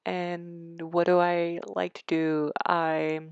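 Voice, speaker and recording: A young woman with a Swedish accent talks in a slow, flat, gravelly voice. She rambles with dry sarcasm and pokes fun at herself. The sound is dull and dry, recorded close on a lo-fi mic. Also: on the low side, no echo. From Sweden. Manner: sarcastic, rambling, self-deprecating. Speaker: game build video creator. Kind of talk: casual chat over a speed build.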